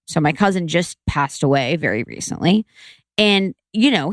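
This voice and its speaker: Woman podcast co-host, lowish voice, chatty storyteller, dry studio sound. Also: normal speed, no echo. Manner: chatty storytelling, animated quoting. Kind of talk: casual chat.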